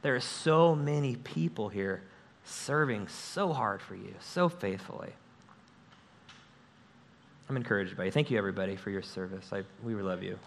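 A man preaching a sermon as pastor of his church, talking in an energetic, conversational way and joking with the congregation, speaking into a stage microphone. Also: on the low side, normal speed, creaky, a little hiss or hum.

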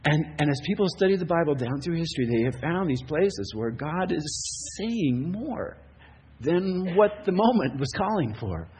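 A man's voice: a little high, sing-song, normal speed, darkish tone, a little hiss or hum. A man preaching a sermon, telling a story and building to impassioned rhetorical questions. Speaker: pastor.

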